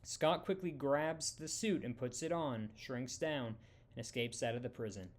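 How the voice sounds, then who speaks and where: A young man reading out a fan-made story in a plain, even casual narration. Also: mid-range voice, moderate pace.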